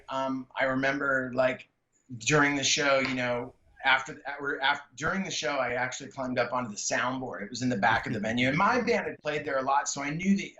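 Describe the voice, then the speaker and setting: A middle-aged man from San Jose, a guest comedian, telling a story in casual chat, excited and rambling with lots of fillers and restarts. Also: medium pitch. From San Jose, California. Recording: echoey room, dull lo-fi sound.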